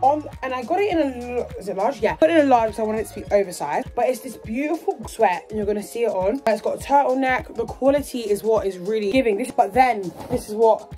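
A woman's voice: fairly high pitch, fast, hardly any pauses, mellow. A teenage girl from England chatting casually and bubbly through a shopping haul vlog. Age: teens. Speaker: vlogger. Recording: faint music in the background.

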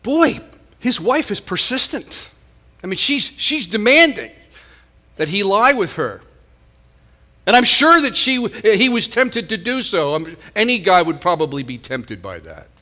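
Male pastor, high and bright-toned, conversational sermon delivery full of rhetorical questions. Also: very animated, measured pace.

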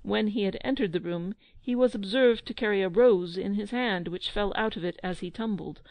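A woman narrating a children's audiobook with measured, expressive storytelling. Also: mid-range voice, dry recording.

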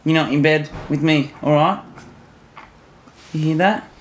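A man chatting to his new puppy at home at night in soft, doting baby talk, often shushing it. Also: a little high, steady tone, unhurried. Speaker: vlogger. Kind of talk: casual chat with a new puppy. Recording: roomy echo, faint room noise.

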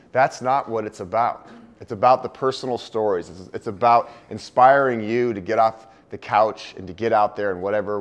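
A man speaks to an audience about a hard personal experience. His mid-range voice is earnest and emotional, sinking quietly on the saddest lines before rising again with hope. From United States. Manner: heartfelt, earnest, voice dips low and soft on sad moments. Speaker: speaker giving a talk. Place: indoor venue with a live audience.

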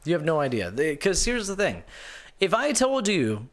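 A man's voice: on the high side, wildly swooping pitch, normal speed, slight background noise. A male gaming show host ranting live, sarcastic and incredulous, rambling through restarts and reading viewer comments aloud. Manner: rambling with many restarts and fillers. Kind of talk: live-streamed gaming rant.

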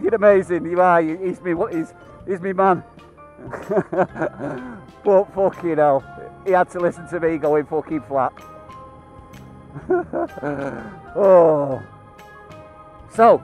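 High-voiced laughing British man vlogging. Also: low-quality recording. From United Kingdom. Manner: laughs often, swears constantly, rambling. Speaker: motorcycle vlogger. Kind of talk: casual chat to camera.

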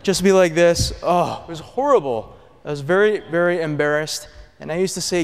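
A middle-aged man giving an earnest personal testimony to an audience, his voice dropping low and soft on painful memories. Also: expressive, normal speed, clean tone. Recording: long hall reverb.

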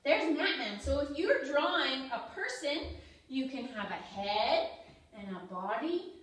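A woman teaching young children with slow, singsong, coaxing teacher talk. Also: sits high, animated, a bit bright. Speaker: preschool teacher. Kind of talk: online lesson for young children. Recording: echoey room, far from mic, faint noise.

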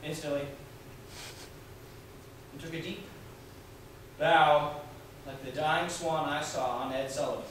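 A high-voiced, intense teenage son, played by a young actor on stage, swinging between hushed confession and loud theatrical bursts. He sounds far off in a very echoey theatre hall, with a clear hum of room noise behind him. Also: steady tone, slow, pauses often. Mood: feverish. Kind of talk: live stage acting. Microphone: distant room mic.

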